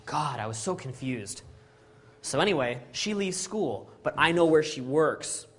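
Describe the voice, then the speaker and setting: A middle-aged man from Canada, telling a story to an audience in an animated way and acting out the dialogue, often asking "right?" and "okay?". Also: on the high side, a little slow, slight background noise.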